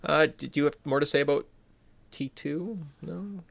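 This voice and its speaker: A man's voice: on the high side, normal speed, vocal fry, a bit bright, no echo. A man co-hosting a casual podcast, rambling through filler words and mock quotes. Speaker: podcast co-host. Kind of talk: casual chat.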